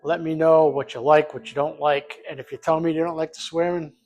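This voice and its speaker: An older man chats through a home cooking session in his kitchen, swearing freely and joking as he goes. His voice sits a little high for a man and carries a gravelly edge. Faint music plays under him. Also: fairly even intonation, brisk, a little mellow. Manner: profane, joking, off the cuff. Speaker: home cook, vlog host. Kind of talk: casual cooking vlog.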